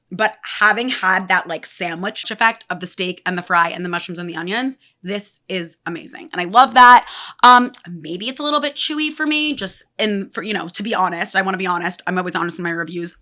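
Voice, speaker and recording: A woman hosts a podcast in a casual, chatty way, eating as she talks. Her speech is loose and full of fillers. Her voice has a bright, forward edge at a middle pitch. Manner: chatty, eating while talking, many fillers. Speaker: podcast host. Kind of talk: casual chat.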